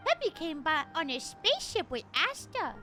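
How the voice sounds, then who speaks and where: A woman voicing a cheerful, pleading young companion in a video game, sweet and animated. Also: extremely high pitch, normal speed, exaggerated voice. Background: game music.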